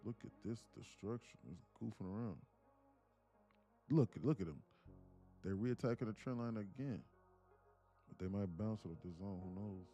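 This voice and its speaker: A man hosting a live day-trading stream, telling stories in a casual, animated way and muttering about the charts. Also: on the low side, moderate pace, pauses often, dull audio, soft background music. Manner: animated storytelling, acts out quotes, laughs often. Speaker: livestream day trader. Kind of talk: casual livestream chat.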